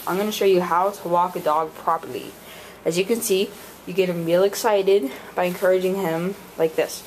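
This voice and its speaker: A woman's voice: on the low side, normal speed. A woman narrating a casual how-to video while walking her dog, chatting and giving it commands. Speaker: vlogger showing dog walking. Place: at home and outdoors on a walk. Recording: noisy home video.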